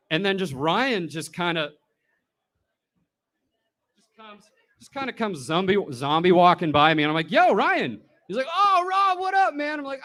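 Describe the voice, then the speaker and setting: A man's voice: on the high side, fairly bright tone, clear, resonant tone. Casual man telling a funny eulogy. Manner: casual, swearing, storytelling. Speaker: comedian giving a eulogy. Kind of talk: tearful, humorous eulogy. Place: bar.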